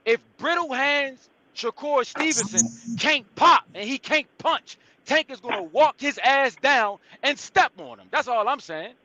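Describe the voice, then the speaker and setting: A man's voice: very high-pitched, lively intonation, measured pace, few pauses, pushed and bright. A man making his point as a panelist in a casual debate, insistent and repetitive.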